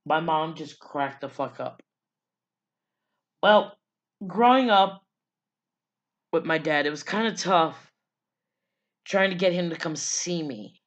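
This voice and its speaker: A woman's voice: low voice, slow pace, pauses often, muffled recording. A woman vlogger telling her life story in a loose, casual way, blunt and profane, with lots of fillers.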